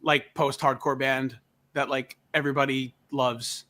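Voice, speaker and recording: A man's voice: mid-range voice, unhurried. A man co-hosting a casual music podcast, joking and ribbing his friends. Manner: teasing, joking, animated. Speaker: co-host.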